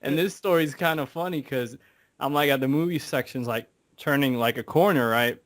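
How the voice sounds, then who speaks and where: A man on a podcast telling stories in a casual, animated way, acting out quotes and swearing freely. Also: medium pitch, normal speed, no echo, clean studio sound. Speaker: podcast co-host. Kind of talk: casual chat.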